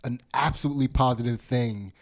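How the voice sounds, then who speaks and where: A man's voice: medium pitch, brisk. A man co-hosting a podcast in casual chat, cracking jokes and laughing at them. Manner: jokey, laughs often at his own bits. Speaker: podcast co-host.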